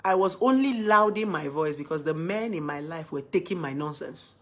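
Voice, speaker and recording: A woman speaking in a casual monologue about relationships, her voice husky and a little breathy. She talks emphatically, jumping from loud exclamations to soft, low asides. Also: expressive, normal speed. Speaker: relationship advice vlogger.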